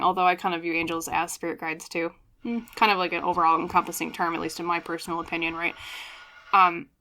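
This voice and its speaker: Bright-voiced woman giving a tarot reading. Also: on the low side, slight background noise. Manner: chatty, often checks in with "okay?"; earnest and apologetic, openly emotional. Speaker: tarot reader. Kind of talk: pick-a-card tarot reading.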